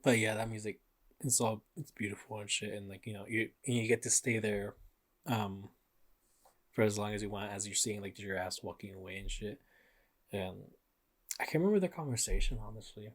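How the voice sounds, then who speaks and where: A man's voice: lowish voice, a little fast. A man co-hosting a podcast, chatting casually in a laid-back, rambling way with lots of fillers and swearing. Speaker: podcast co-host. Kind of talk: casual chat.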